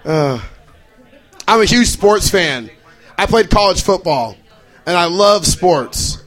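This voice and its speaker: A man's voice: sits high, animated, slow pace, a bit bright, rough recording. A young adult man from Idaho performing a stand-up comedy set, bouncing into exaggerated character voices. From Boise, Idaho.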